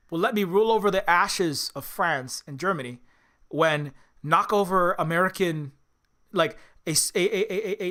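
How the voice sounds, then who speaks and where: A man's voice: sits high, pushed and bright. A man voicing a scheming, greedy British oligarch who plots aloud in a musing way.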